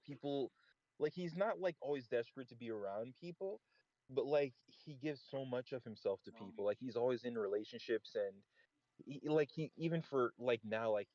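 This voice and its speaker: Over a voice call, a young man rambles through a long story in casual chat, packing it with "like". His voice is medium-pitched with a darkish tone. The voice-chat mic gives a dull, lo-fi sound, and the recording is dry.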